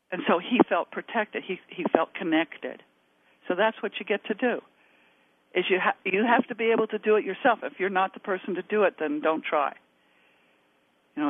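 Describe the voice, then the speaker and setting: Woman guest on call-in radio, chatty and earnest, tinny phone sound. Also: fairly low pitch. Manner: earnest, laughs easily, rambling restarts. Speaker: dementia resource guest.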